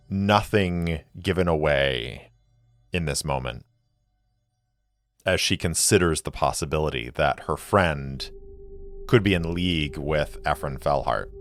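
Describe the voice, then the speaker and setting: Deep slow guy narrating his solo tabletop game, faint music behind. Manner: slow, deliberate, describing scenes.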